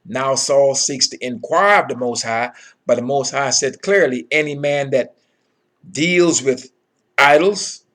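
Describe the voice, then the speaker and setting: A man's voice: medium pitch, a little slow, a bit bright. A man giving a Bible lesson, reading verses aloud and explaining them with emphatic commentary. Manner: emphatic, repeats phrases, frequent "okay" and "all right". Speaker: Bible teacher.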